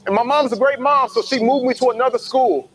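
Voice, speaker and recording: High-voiced man telling his story. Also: fairly quick, music in the background, rough recording. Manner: animated, acts out quoted voices. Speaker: motivational speaker. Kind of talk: personal storytelling talk.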